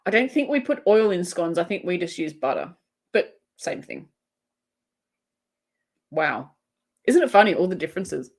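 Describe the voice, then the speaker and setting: An Australian woman hosts a casual crochet livestream, giggling often and chatting as she reads viewer comments aloud. She speaks at normal speed in a fairly low voice with lively intonation and long pauses.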